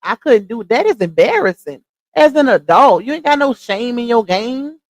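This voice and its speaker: A woman's voice: a little high, animated, moderate pace, darkish tone, no room sound. A woman hosting a casual livestream, chatting straight to her viewers and laughing often. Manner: laughs often while talking. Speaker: livestream host.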